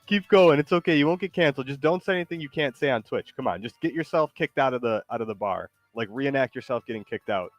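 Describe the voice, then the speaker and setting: A man's voice: medium pitch, expressive, quick pace, hardly any pauses, no room sound, lo-fi sound, faint music behind. Rambling, teasing male streamer. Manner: loose, rambling, teasing, many fillers. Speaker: streamer host. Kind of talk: casual stream chat.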